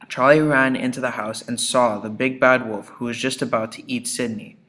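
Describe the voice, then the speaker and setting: A man reading a fairy tale aloud as narrator, plain and even. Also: mid-range voice. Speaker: student reader.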